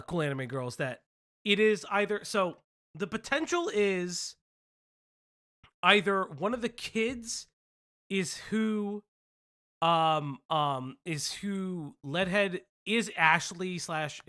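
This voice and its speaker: A man's voice: high-pitched, fairly bright tone. A man hosting a casual commentary stream, rambling, laughing often and swearing.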